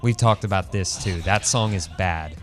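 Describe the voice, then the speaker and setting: Male radio co-host, very low voice, dry contrarian banter. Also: moderate pace, music in the background. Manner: dry, contrarian, laid-back.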